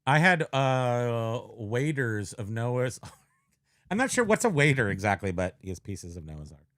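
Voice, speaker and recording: A man's voice: mid-range voice, sing-song, unhurried, fairly bright tone, no room sound, studio quality. A man co-hosting a podcast, joking and playful in casual chat. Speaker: podcast co-host.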